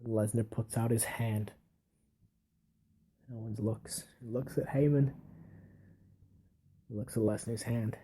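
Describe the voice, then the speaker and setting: This man's voice is mellow and a little rough, mid-range, with fairly level intonation. As a wrestling fan, he casually walks through a match he's imagining, taking his time and correcting himself as he narrates.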